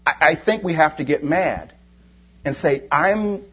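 A man's voice: fairly high pitch, moderate pace, husky. A man preaching a sermon, impassioned and building to fervent exhortation, then leading a prayer. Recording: dull lo-fi sermon recording.

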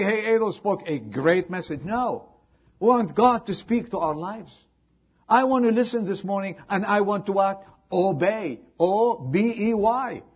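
A man's voice: high voice, breathy edge, highs cut off. A man preaching a sermon, earnestly repeating rhetorical questions to his congregation, in slightly non-native phrasing. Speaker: pastor.

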